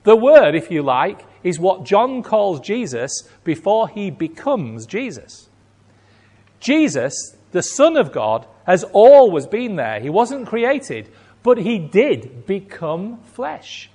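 A man's voice: sits high, very animated, slow, darkish tone, husky. A man preaching a sermon in an emphatic, rhetorical way, acting out imagined reactions and repeating key phrases. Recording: long hall reverb.

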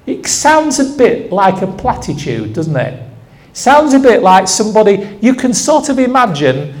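Older male preacher, high and animated, storytelling sermon with rhetorical questions. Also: unhurried.

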